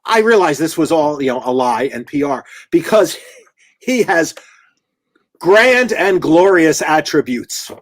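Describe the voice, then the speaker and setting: A man's voice: a little high, animated, moderate pace. A man joining a casual chat as a guest, with dry, playful asides. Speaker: guest panelist.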